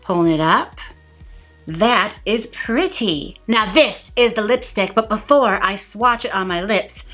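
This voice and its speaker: A woman's voice: mid-range voice, lively intonation, unhurried, a bit bright, faint music behind. A woman hosting a comedic makeup review vlog in a playful, mock-dramatic, gushing way. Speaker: beauty vlogger.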